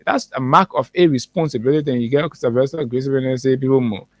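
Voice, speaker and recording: A man's voice: mid-range voice, fairly quick, dry recording. A man with a Liberian English accent hosting a morning show, delivering heated political commentary with many fillers and restarts.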